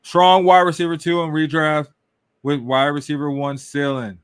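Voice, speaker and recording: A man's voice: on the high side, level tone, normal speed, clean tone, no echo. A man hosting a casual podcast, talking loosely and rambling, often tossing in questions and shrugging asides. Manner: loose, rambling, full of "right?" and "I don't know". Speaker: podcast host. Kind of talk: casual fantasy football talk.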